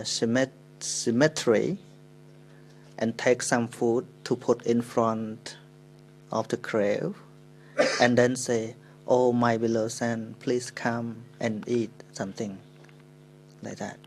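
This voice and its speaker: A monk with a Cambodian accent, a native Khmer speaker, giving a dharma talk in halting English, telling a story with pauses and self-corrections. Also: male voice, medium pitch, rough recording.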